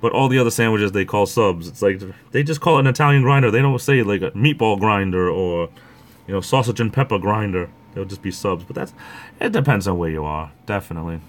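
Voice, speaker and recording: Middle-aged man, deep voice, rambling livestream host chatter. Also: lively intonation, fairly quick. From Rhode Island. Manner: rambling, chatty, greets viewers by name. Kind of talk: casual chat.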